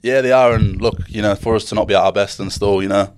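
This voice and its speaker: Quick West Yorkshire man, lowish voice. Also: steady tone, background noise. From West Yorkshire, England. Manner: quick, easygoing answers. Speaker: player guest. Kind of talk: casual interview.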